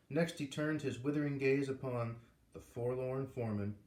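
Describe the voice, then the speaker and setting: Man reading a storybook aloud. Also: medium pitch. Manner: even, measured storytelling. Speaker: reader. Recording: roomy echo.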